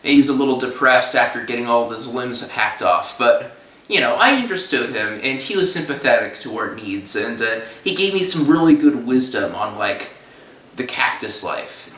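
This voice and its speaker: Young guy, casual halting storyteller, bright voice, caught at a distance in an echoey room. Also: mid-range voice, lively intonation. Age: young adult. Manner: halting, restarts, breaks into silly voices and laughs. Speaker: storyteller recounting a trip. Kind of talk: casual rambling monologue.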